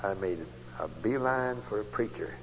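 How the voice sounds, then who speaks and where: A man telling his conversion story as a sermon, folksy and storytelling, jumping from loud outbursts to hushed asides. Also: on the low side, normal speed. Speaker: preacher giving testimony. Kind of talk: testimony sermon. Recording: dull old tape recording in a large hall, faint hiss.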